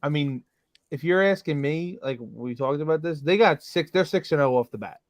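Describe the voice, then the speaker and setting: A man co-hosting a podcast, chatting casually about football and making confident, animated predictions. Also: fairly high pitch, normal speed, no room sound. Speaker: podcast co-host. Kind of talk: casual sports chat.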